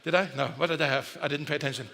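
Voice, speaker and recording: A pastor with a fairly high, very fast voice, vocal fry and a sharp tone preaches a sermon in a casual, joking way, often correcting himself mid-sentence. His intonation stays fairly even, and the large church hall gives the recording a long reverb.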